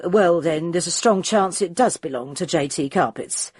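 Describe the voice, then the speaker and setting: A young female clerk whose answers sit just on the side of insolence, acted by a woman reader. Her voice is husky and dry. She brushes each question off. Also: fairly low pitch, moderate pace, no echo. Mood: insolent. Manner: offhand, near insolent.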